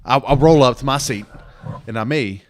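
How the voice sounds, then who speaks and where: A man's voice: medium pitch, normal speed, slight background noise. A man co-hosting a podcast, telling a long, profane travel story in casual chat and acting out the people in it. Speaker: podcast co-host.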